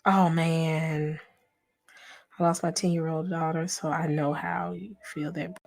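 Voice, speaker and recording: A woman with a slightly low voice talks straight to her viewers in a relaxed livestream. She speaks softly and thoughtfully, answers comments from the chat, and at times drops almost to a whisper. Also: a little slow, gravelly. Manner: soft and reflective, sometimes drops to a whisper. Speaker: vlogger and channel host. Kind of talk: casual heartfelt livestream chat.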